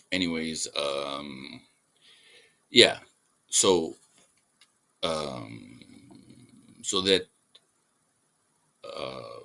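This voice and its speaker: Slow, bright-voiced man rambling. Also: extremely low pitch, lively intonation, vocal fry. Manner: rambling, with fillers and chuckles. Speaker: artist hosting a livestream. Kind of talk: casual monologue.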